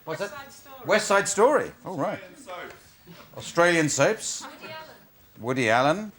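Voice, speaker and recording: A man's voice: on the high side, animated, slow, a bit bright. A man hosting a comedy game show in a studio, with a dry, wry manner. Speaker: host. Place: TV studio with live audience. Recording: studio audience and noise behind.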